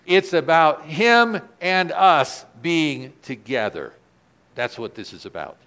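Preaching in a church, this male pastor speaks with a voice on the high side, letting it fall soft before building loud to stress his points.

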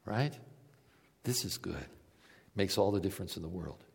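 A male preacher delivering a sermon, telling stories and moving between emphatic peaks and quiet, low passages. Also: expressive, moderate pace, gravelly, slightly rough, in a large hall.

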